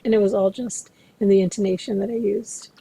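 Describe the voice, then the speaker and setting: A woman instructor giving a recorded lecture to interpreting students, explaining in a measured way and speaking to them directly. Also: mid-range voice, steady tone, dark tone, slightly rough, low-quality recording.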